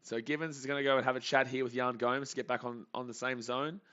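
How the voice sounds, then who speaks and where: Bright-voiced man, anxious play-by-play. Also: medium pitch, little pitch movement, quick pace. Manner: anxious, pleading, repeats phrases over and over. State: tired, up early without coffee. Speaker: live-stream sports reaction host. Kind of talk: live play-by-play reaction stream. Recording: dull lo-fi stream audio.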